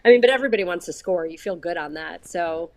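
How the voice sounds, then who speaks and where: A woman sideline reporter chatting as a guest with a sports show panel, measured and thinking aloud. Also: on the low side. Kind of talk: casual panel chat.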